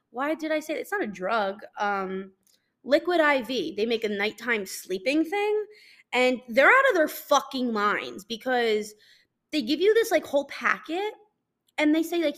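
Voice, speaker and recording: A woman's voice: a little high, sing-song, moderate pace, a bit bright. A young adult woman hosting a solo podcast, ranting in a blunt, profane and self-mocking way. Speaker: podcast host. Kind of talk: casual solo podcast chat.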